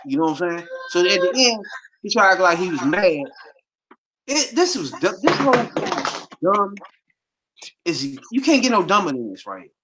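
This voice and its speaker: A woman's voice: fairly low pitch, sing-song, normal speed, long pauses, background noise. A woman co-hosting a wrestling podcast, talking bluntly and dismissively in very informal speech. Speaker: podcast co-host. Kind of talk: casual chat.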